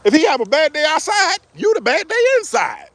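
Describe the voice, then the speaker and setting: A man's voice: extremely high pitch, wildly swooping pitch, a little fast, fairly bright tone, no echo. A middle-aged man giving relationship advice in a joking, preachy way. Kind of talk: casual advice monologue.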